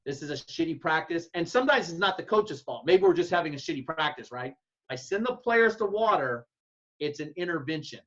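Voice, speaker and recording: A man, a football coach, giving blunt, folksy advice to other coaches and acting out his own yelled calls. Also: a little high, sing-song, fairly quick. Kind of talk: casual advice talk to coaches. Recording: dull lo-fi sound.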